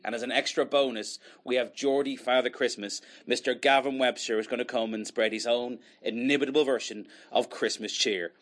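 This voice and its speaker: A man's voice: mid-range voice, a bit bright. Chatty man hosting a podcast. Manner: chatty, self-deprecating. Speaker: podcast host. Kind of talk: casual podcast intro.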